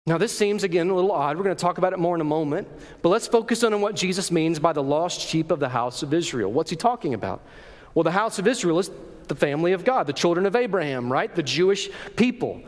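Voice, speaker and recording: A pastor preaching a sermon, talking to the congregation conversationally and asking them questions. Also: male voice, on the high side, expressive, fast talker. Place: church sanctuary. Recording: reverberant church hall.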